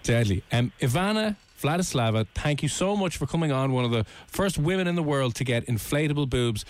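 A man hosting the interview, asking questions in a playful, animated way. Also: mid-range voice, brisk. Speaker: podcast host.

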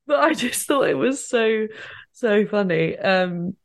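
A woman's voice: mid-range voice, lively intonation, slow. A woman hosting a podcast, chatting casually in a giggly, enthusiastic way. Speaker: podcast host. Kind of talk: casual chat.

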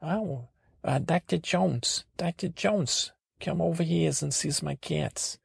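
A man voicing a flustered elderly Florida woman who repeats herself in a shrill, high voice. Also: animated, drawn-out words, creaky, a little mellow, husky, no echo, studio quality, heavily acted. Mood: eager. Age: older.

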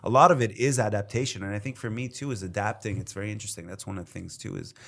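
Comedian guest, male, lower register, rambling and chatty. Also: steady tone, rapid-fire, creaky, fairly bright tone. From Canada. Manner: rambling, heavy on fillers and acted-out quotes. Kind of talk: casual interview chat.

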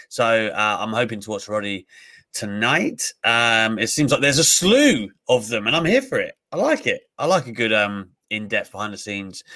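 A man co-hosting a casual live-streamed talk show, chatting loosely and reading out names from the live chat. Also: medium pitch. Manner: animated, breaks into mocking impressions. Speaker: podcast co-host.

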